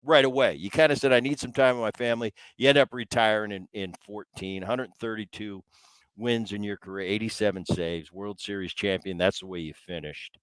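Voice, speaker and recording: Low-voiced man hosting a podcast. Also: moderate pace, smooth, dry recording, rough recording. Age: middle-aged. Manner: relaxed, chatty, trailing restarts. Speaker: podcast host. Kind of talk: casual interview chat.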